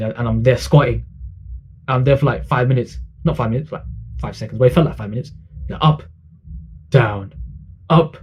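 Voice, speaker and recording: Husky man telling a story. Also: medium pitch, mellow. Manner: chatty, with frequent slang fillers. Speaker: vlogger. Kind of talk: casual storytelling.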